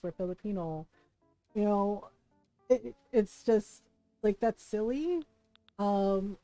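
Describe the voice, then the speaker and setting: A woman streamer chatting casually, telling a family story in an animated way and giggling often. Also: mid-range voice, no echo, rough recording. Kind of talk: casual chat while gaming.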